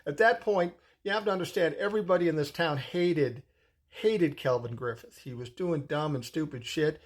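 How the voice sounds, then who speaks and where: A man's voice: on the high side, normal speed. A man in his sixties telling a personal story in a casual, rambling way, swearing freely as he goes. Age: 60s. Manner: profane, rambling, conversational.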